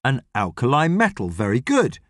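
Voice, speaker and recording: A man voicing a gruff, grumpy middle-aged astronaut, stern and lecturing in an audiobook. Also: medium pitch, huge pitch swings, normal speed, a bit bright, no echo, clean studio sound. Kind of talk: audiobook character reading.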